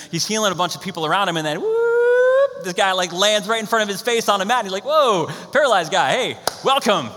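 A young man preaching a sermon as a pastor, telling stories with animated, acted-out quotes. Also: high-pitched, in a large hall. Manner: animated storytelling, acts out quotes.

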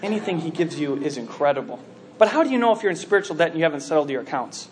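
A man preaching a sermon, telling stories in an animated way with many restarts and fillers like "you know". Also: fairly high pitch, very fast, crowd noise.

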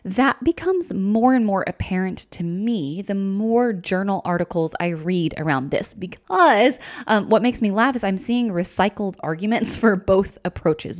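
A woman talks through music teaching ideas on a podcast in a methodical lecture style. She lays out each point clearly and steps through examples at a mid pitch. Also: a little mellow. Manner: clear, methodical, explains step by step. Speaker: music education podcast host.

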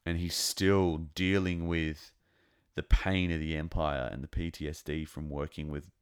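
A man giving a casual, rambling and excitable review of a TV episode. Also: rumbling low, a little slow, clear, resonant tone. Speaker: show reviewer.

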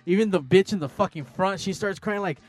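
A man's voice: sits high, fairly quick. A man hosting a podcast, telling a rambling story with heavy swearing in casual banter. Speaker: podcast host. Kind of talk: crude casual chat.

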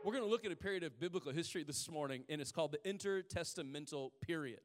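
A man preaching a sermon in a casual, storytelling way, slowing down hard on key phrases. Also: fairly high pitch, in a large hall, faint music behind. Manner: conversational storytelling, drawn-out emphatic pauses. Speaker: pastor.

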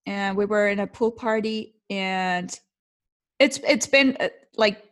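A woman's voice: mid-range voice, slow pace. Chatty young Mexican woman telling her story. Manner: chatty, with frequent restarts and switches into Spanish. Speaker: interview guest. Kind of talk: casual personal storytelling.

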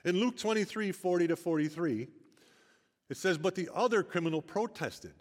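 An older man preaches an earnest sermon, his voice sitting a little high for a man. He tells stories with building emphasis. The sound rings out with a long hall reverb. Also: expressive, moderate pace. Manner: earnest, storytelling, rising emphasis.

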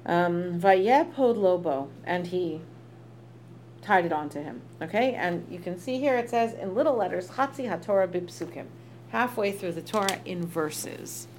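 A woman's voice: on the low side, expressive, moderate pace, a little mellow, a little hiss or hum. A woman teaching a text study in a chatty way, reading verses aloud and translating them with asides. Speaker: Torah teacher.

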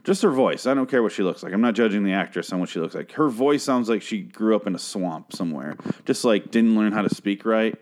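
A man's voice: lowish voice, expressive, a little fast, hardly any pauses, darkish tone. A young man giving a casual, profane, exasperated recap of a TV show.

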